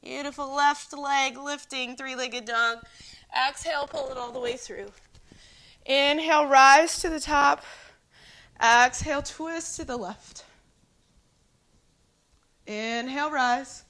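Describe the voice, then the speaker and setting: A woman yoga instructor calmly cueing breaths and poses in a guided flow at home. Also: high voice, slow, long pauses. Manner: calm, encouraging breath cueing. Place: home, dogs nearby.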